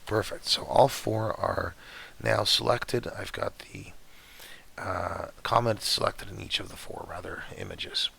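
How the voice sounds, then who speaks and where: A man whose voice keeps cutting in and out, walking through software step by step in a relaxed, chatty way as he records his screen. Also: fairly low pitch, unhurried, gravelly, slightly rough. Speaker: astrophotography tutorial maker.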